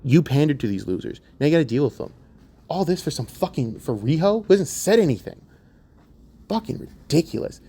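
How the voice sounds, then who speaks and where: Angry commentary host, male, swearing nonstop, voice swinging wide, pitched a touch high. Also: very animated, brisk, mellow, husky. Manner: profane, heated, taunting. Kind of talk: angry rant to camera.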